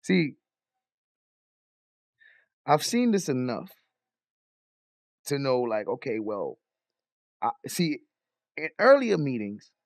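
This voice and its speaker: A man giving slangy, animated reaction commentary on a meeting clip, with chuckling asides. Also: mid-range voice, slow pace, long pauses, no echo, studio quality.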